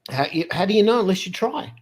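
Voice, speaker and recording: On a podcast, a guest in his fifties who originally comes from Australia tells a personal story with a high-pitched voice. He's animated and quick, keeps things casual, and often restarts his phrases.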